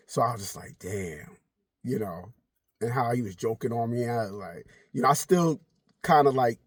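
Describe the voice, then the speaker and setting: Middle-aged male vlogger, husky and lively, swears freely, storytelling, dry close sound. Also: mid-range voice, dry recording. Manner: animated, swears freely, slips into voices of people in his story. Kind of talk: casual storytelling to camera.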